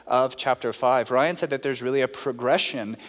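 A man's voice: mid-range voice, normal speed. Man preaching in a reverberant church. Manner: earnest teaching tone with audience questions. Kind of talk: sermon. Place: church sanctuary. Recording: reverberant hall.

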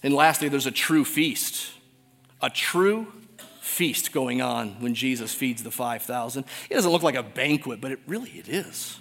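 A man's voice: medium pitch, lively intonation, unhurried. Man preaching in a reverberant hall. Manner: swings between loud exclaiming and hushed near-whispers; reads scripture aloud dramatically. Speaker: pastor. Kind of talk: sermon.

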